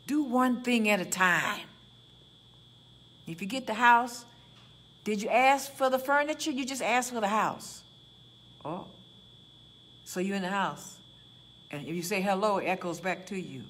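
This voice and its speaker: A woman's voice: mid-range voice, a little slow, long pauses, slight background noise. Woman pastor, Chicago accent, conversational sermon with acted-out asides, faint ambience behind. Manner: lively, conversational, acts out prayers and dialogue.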